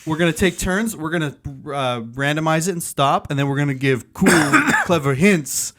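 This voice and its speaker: A man's voice: on the high side, lively intonation, moderate pace, a bit bright. A man guest on a casual podcast, rambling playfully and laughing as he explains a game.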